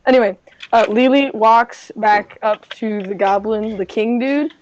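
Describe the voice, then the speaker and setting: A woman playing a tabletop game, her voice a little high. She rambles playfully while describing her moves. Her mic sounds dull and lo-fi. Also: measured pace. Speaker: player. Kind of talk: casual tabletop game play.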